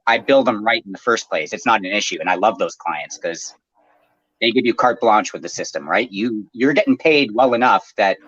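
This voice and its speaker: A man's voice: on the low side, animated, moderate pace, a bit bright, husky, no echo, highs cut off. A man who runs an aquarium maintenance business, chatting casually and explaining at length with plenty of fillers. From Canada. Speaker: aquarium maintenance service owner. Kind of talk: casual podcast chat.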